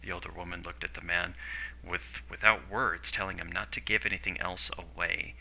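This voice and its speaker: A man narrating a story in a steady, descriptive way. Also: deep voice, fairly quick, gravelly, low-quality recording.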